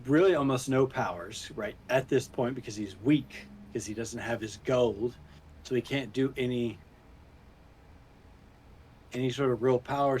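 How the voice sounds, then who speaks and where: A man's voice: mid-range voice, slight background noise. A man co-hosting a podcast, chatting casually and laughing as he retells movie scenes. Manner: animated, laughing, acts out scenes. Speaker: podcast co-host. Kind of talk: casual chat recapping a movie.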